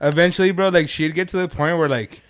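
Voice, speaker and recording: A man's voice: on the high side, fast, crowd noise. A man co-hosting a podcast, telling stories in casual chat and acting out quotes, laughing often. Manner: animated storyteller, acts out quotes, laughs often. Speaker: podcast co-host.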